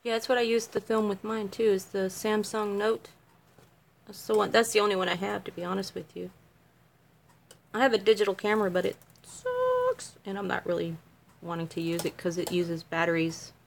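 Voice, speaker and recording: A woman's voice: medium pitch, flat delivery, fairly quick, gravelly. Giggly, chatty middle-aged woman. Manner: giggly, chatty and self-mocking. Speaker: craft video maker. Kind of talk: casual livestream chat.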